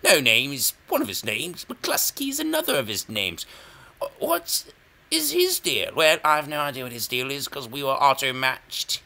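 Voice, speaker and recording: A young man giving rambling, self-mocking chess commentary, jokey and erratic, with sudden loud outbursts. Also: mid-range voice, very animated, moderate pace, gravelly.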